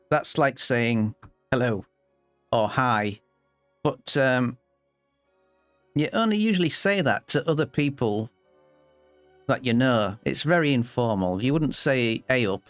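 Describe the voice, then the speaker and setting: A man with a Yorkshire accent chatting casually to his viewers, chuckling and pausing with lots of ums. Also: mid-range voice, no room sound. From Yorkshire, England. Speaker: gaming YouTuber. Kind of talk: casual explainer talk to camera.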